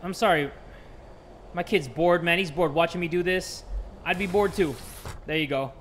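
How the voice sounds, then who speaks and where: A man hosting a horror game let's play, joking around and breaking into sudden loud outbursts. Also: on the high side, normal speed, a little hiss or hum. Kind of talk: horror gameplay commentary.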